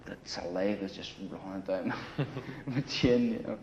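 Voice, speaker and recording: A man's voice: fairly low pitch, moderate pace, a little mellow, slight background noise. An older Irish man, a former paramilitary, recounting his past in casual, blunt storytelling full of swearing and "you know". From Ireland. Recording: slightly muffled recording.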